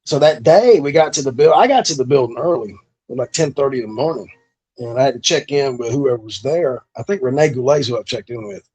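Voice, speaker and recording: A man's voice: mid-range voice, lively intonation, a little fast, darkish tone, slightly rough. A middle-aged man, a former pro wrestler, telling stories from his career in a laid-back, profane way, with lots of fillers. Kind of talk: casual storytelling interview.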